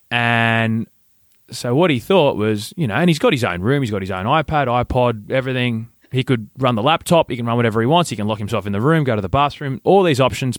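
A man, co-hosting a casual podcast and telling an animated story, acting out voices. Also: medium pitch, dry recording, studio quality. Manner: animated, acts out voices in stories. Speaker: podcast co-host.

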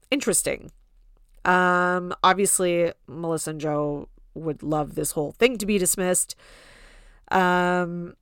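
A woman's voice: on the low side, creaky, dry recording, clean studio sound. A woman hosting a podcast in a casual gossip style, chatty and full of "like" fillers, now and then mocking people in quoted voices. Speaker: podcast host.

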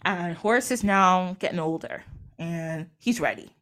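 A young woman hosts a podcast, speaking unhurriedly in a fairly low voice with a fairly bright tone. She casually retells a myth using slangy modern quotes and laughs often.

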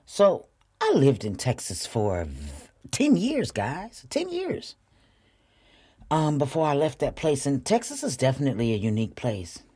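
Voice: medium pitch, wildly swooping pitch, mellow, breathy edge. An earnest podcast host giving a heartfelt spiritual talk, repeating phrases and calling listeners y'all. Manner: repetitive, drawn-out phrasing.

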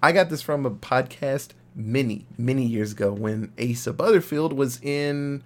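Young male podcast co-host, casual and profane, animated film chat. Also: medium pitch, moderate pace.

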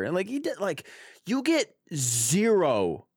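A man's voice: high voice, wildly swooping pitch, normal speed, no echo, studio quality. A man co-hosting a podcast who rants emphatically about a movie. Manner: exasperated, emphatic ranting. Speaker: podcast co-host. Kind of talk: casual film review chat.

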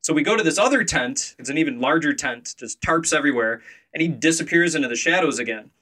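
Man, 30s, podcast host, bright forceful voice, animated, laughing storyteller. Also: a little high, fast talker. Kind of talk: casual storytelling.

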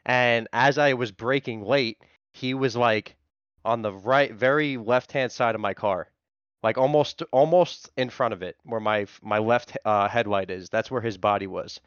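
A man in casual chat telling an excitable, profane story about a confrontation at a crosswalk. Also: mid-range voice, measured pace, clean tone, dry recording, dull audio.

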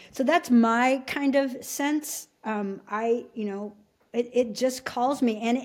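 A middle-aged woman from Alaska, a podcast guest telling her story in a casual, halting way with many restarts. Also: fairly high pitch, a little mellow. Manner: halting, full of restarts and fillers. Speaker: podcast guest, shamanic teacher.

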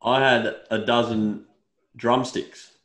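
A man's voice: medium pitch, slow. Ranting Australian man, echoey room. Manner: animated ranting, swears, says "mate" often. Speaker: podcast co-host. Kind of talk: casual chat.

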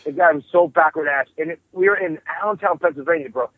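Man with a husky voice on a tinny phone line. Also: on the high side, fast, no room sound. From New York. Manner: profane, rambling, animated storyteller. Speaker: guest musician. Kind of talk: casual storytelling interview.

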